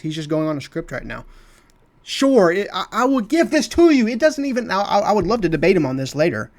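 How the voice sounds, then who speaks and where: A man's voice: fairly high pitch, no room sound. A man commenting on a clip of his own debate, talking emphatically and repeating phrases for stress. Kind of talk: heated commentary over a clip.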